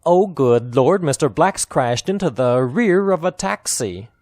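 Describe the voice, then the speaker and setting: Slow, deliberate American man, dry sound. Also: on the high side, expressive, a little mellow, no room sound. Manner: slow, careful, strongly stressed reading. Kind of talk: slow model sentences for repetition drills. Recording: dry close studio recording.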